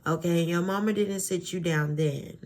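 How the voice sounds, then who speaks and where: A woman's voice: lowish voice, moderate pace, darkish tone, a little hiss or hum. A woman ranting in a casual commentary vlog, blunt and profane, exasperated, with lots of fillers, recorded on a phone at home. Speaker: vlogger. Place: at home, face cream on.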